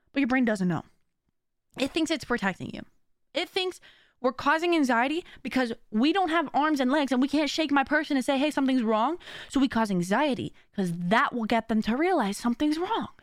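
A woman hosting a podcast, talking in a casual, animated and slangy way and laughing often. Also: high voice, dry recording, studio quality. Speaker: podcast host. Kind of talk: casual chat.

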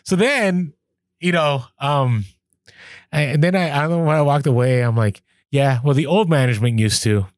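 At a normal speed and in a slightly high voice, a man co-hosts a podcast, chatting casually and animatedly dramatizing the conversations he quotes in his stories. The studio sound is clean and dry.

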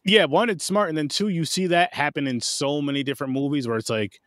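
A man's voice: a little high, a little fast, few pauses, a bit bright, dry recording, studio quality. A man co-hosting a casual movie podcast, giving scores and opinions in a loose, swearing manner. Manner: laid-back, talks through opinions with fillers and swearing. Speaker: podcast co-host. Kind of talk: casual movie review chat.

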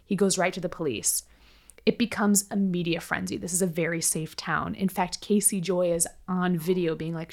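A woman with a fairly low voice recounts a true-crime case to her co-host. She talks casually and chattily, peppering her sentences with filler words and blunt swearing. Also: steady tone, moderate pace, a little mellow. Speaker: podcast co-host.

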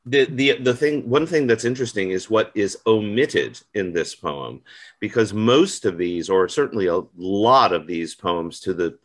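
Very deep-voiced man musing aloud. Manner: thinking aloud, with many restarts and asides. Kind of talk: casual literary discussion.

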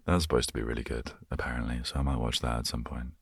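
A man rambling in an easygoing, soft-spoken way, chatting casually so listeners can unwind. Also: very deep voice, flat delivery, fast, husky, no echo, clean studio sound. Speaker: host. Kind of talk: relaxed rambling chat to help listeners unwind.

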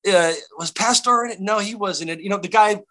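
Middle-aged guy telling showbiz stories, kinda high and bright, stumbles and restarts a lot. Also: fairly quick. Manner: animated, many restarts and fillers. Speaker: actor guest. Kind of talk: casual interview storytelling.

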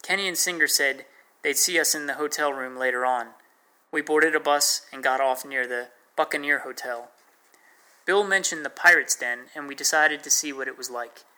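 Bright-voiced male memoir narrator. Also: a little high, normal speed, poor audio. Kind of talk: first-person memoir narration.

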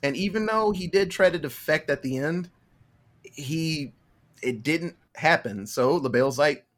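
A man's voice: on the high side, unhurried, fairly bright tone. A young man hosting a podcast, casually retelling a film's plot in a laid-back, swearing manner, often acting out the characters' lines. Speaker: podcast host.

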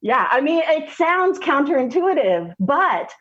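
A woman, a podcast guest telling a personal story candidly, laughing often and slowing down for emphasis. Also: high-pitched, very animated, fairly bright tone, muffled recording.

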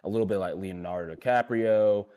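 A man's voice: fairly low pitch, fairly quick, dark tone. A young man co-hosting a casual panel chat, rambling with many fillers and restarts, slipping into giggles. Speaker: podcast co-host.

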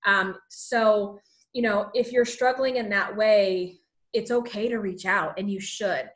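A woman's voice: medium pitch, unhurried. A pregnant woman in her thirties talking casually to her viewers, chatty and encouraging, often saying "you know" and a little out of breath. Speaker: vlogger sharing pregnancy advice. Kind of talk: casual talk to camera.

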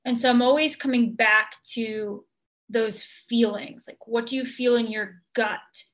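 Woman coach, interview guest; unhurried, gentle, earnest delivery with frequent ums. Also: fairly high pitch, fairly even intonation. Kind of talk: podcast interview answer.

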